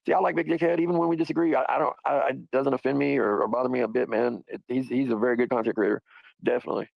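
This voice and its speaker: A man's voice: medium pitch, steady tone, very fast, vocal fry, dry recording, highs cut off. A man hosting a livestream, talking in a rambling, profane, casual way and laughing often. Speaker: livestream host.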